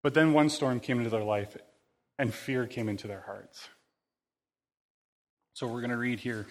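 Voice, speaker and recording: A man's voice: medium pitch, moderate pace. A man giving a loose, conversational sermon, rambling and informal with lots of fillers. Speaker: preacher.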